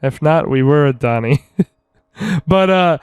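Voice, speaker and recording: A man's voice: on the high side, lively intonation, unhurried, darkish tone, clean tone, no echo, studio quality. A man co-hosting a podcast in casual chat, swearing freely and laughing a lot. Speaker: podcast co-host.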